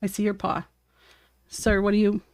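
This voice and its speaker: A woman's voice: mid-range voice, completely flat delivery, moderate pace, darkish tone, no room sound, studio quality. A woman chatting casually on a live art stream while she paints at her home desk, talking to her cat and viewers and laughing often.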